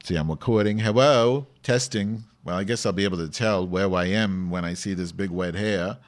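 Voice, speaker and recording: A man's voice: low voice, moderate pace, lightly acted. A man playing a brash, short-tempered woman podcast host who rants sarcastically and swears at the listeners. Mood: irritated. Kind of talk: comedic podcast monologue.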